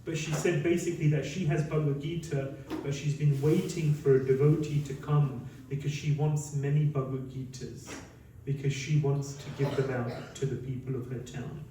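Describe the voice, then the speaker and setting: A man, a monk, telling lively stories in a talk and acting out what people said. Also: mid-range voice, moderate pace, slight background noise. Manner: lively anecdotal storytelling, acts out quotes. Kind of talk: storytelling talk. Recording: very echoey hall, mic at a distance.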